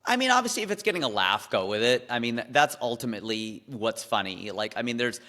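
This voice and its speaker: Bright-voiced man in easy, lively chat. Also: medium pitch, long reverb tail. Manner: animated storyteller, quick asides. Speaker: comedian being interviewed. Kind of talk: casual interview chat.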